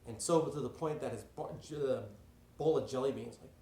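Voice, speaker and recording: A man's voice: mid-range voice, fairly quick, mellow, roomy sound, distant mic. A man telling an improvised story in a casual, rambling way with lots of filler words. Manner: rambling, filler-heavy narration.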